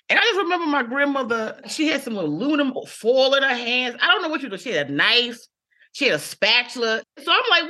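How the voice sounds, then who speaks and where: Woman, bright voice, theatrical storyteller, casual chat. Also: high voice, very animated, a little fast. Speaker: guest comedian.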